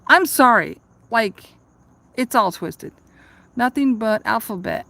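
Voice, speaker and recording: A woman's voice: a little high, expressive, slow pace, gravelly, noisy background. A woman vlogger telling a rambling, profane story in a casual chat, ranting and laughing at herself.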